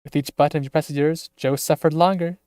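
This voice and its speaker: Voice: medium pitch, fairly even intonation, a little fast, dark tone, clear, resonant tone, no room sound, studio quality, natural voice. A streamer voicing a gleeful, sadistic captor who taunts and giggles while reading game dialogue aloud. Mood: taunting.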